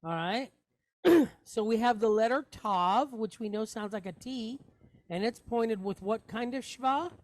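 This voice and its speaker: A woman's voice: fairly high pitch, a little slow, a little mellow, dry recording. A woman teaching a Hebrew reading lesson, sounding out each word step by step and asking rhetorical questions as she goes.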